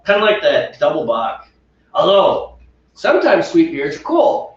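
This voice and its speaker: A man's voice: a little high, wildly swooping pitch, measured pace. A middle-aged man co-hosting a homebrew show, chatting casually and rambling with frequent laughs. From United States. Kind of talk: casual chat. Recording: echoey room, mic far off, dull.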